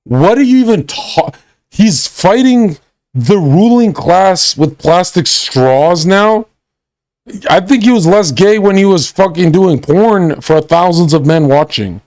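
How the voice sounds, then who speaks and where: A man's voice: high voice, lively intonation, slow, a little mellow, no room sound. A man ranting and mocking as he reacts to a video on a livestream, crude and profane.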